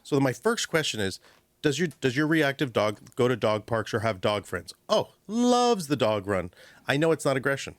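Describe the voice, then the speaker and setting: A man talks through dog training on a radio program, his voice sitting in a middle register. He's animated and chatty, acting out owners and dogs as he goes. The studio sound is close and dry. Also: medium pitch, moderate pace, no echo. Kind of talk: radio call-in advice. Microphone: studio microphone.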